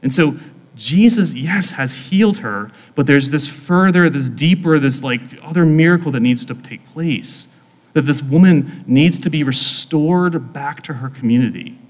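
A man's voice: on the high side, lively intonation, unhurried, big-room sound, rough recording. A man preaching a conversational sermon in an earnest, informal way, often saying "like". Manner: earnest, informal, frequent "like" fillers. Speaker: pastor.

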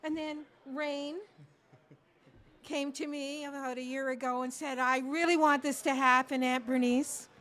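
A woman from Ontario, a podcast guest and foundation co-founder, telling a personal story in a slow, reflective way. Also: high voice, little pitch movement, a bit bright. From Ontario, Canada. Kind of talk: conversational storytelling. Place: sports bar studio.

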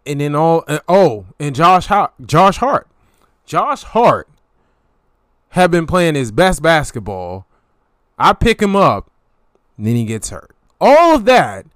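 A young man casually telling a story, animated, with slang and sudden pitch jumps. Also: clean tone, dry recording, clean studio sound.

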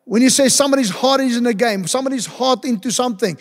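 A man's voice: very high-pitched, quick pace. A man preaching a sermon as pastor, emphatic, asking rhetorical questions and repeating key words. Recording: long church-hall reverb.

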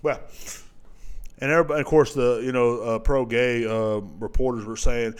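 A man hosting a solo podcast, ranting casually and profanely, swinging between low mutters and loud outbursts. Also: expressive, a little fast. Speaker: podcast host.

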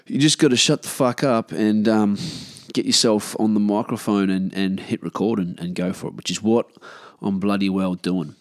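A man's voice: on the low side, fairly even intonation, normal speed, no room sound. An Australian man in his thirties, rambling and swearing freely as he hosts a casual solo podcast from his living room. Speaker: podcast host.

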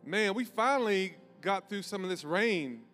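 Brief: male pastor, slightly high voice, casual jokey preaching, long reverb of a big church hall. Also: expressive, moderate pace, a bit bright, soft background music. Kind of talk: sermon. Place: large church auditorium.

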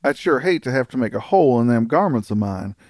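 A man voicing a rough, folksy male frontier guard in an audiobook. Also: mid-range voice, expressive, fast, a little mellow, no echo, studio quality, natural voice. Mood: menacing. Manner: folksy dialect.

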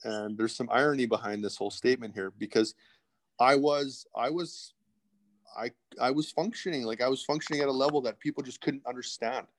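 A man's voice: mid-range voice, a little fast. Middle-aged man, candid guest, rambling stories, lots of restarts. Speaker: podcast guest. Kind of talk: casual interview storytelling.

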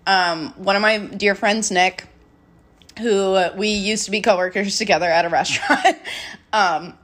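A woman's voice: mid-range voice, steady tone, a little slow, a bit bright. A young woman from the American Midwest co-hosting a casual chat, telling stories with lots of giggles and acted-out quotes. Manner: giggly storytelling, acts out quotes. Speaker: podcast co-host.

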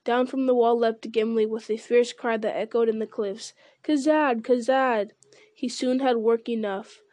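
A woman reads a fantasy novel aloud at a steady pace, now and then stumbling on a word and going back. Her voice sits fairly high, and the sound is dry with no room echo. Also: moderate pace. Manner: steady reading with small stumbles and self-corrections. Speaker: reader.

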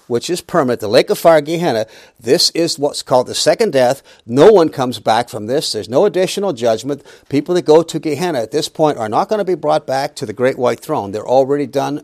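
A man's voice: medium pitch, lively intonation, brisk, darkish tone, no room sound, clean studio sound. A middle-aged man teaching a Bible lesson in an emphatic preaching style, with humorous asides.

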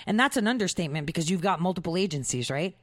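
A woman's voice: lowish voice, expressive, very fast, dry recording. Chatty, giggly woman talk show host. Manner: chatty, giggly, full of "like" and "you know". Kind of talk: casual opinion monologue.

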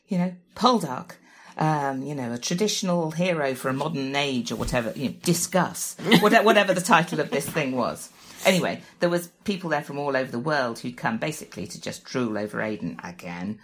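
A woman's voice: very deep voice, lively intonation, a little fast, breathy edge. A middle-aged woman telling a self-mocking story in a chatty interview, often laughing at herself. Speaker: guest telling an anecdote. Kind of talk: animated anecdote, chatty.

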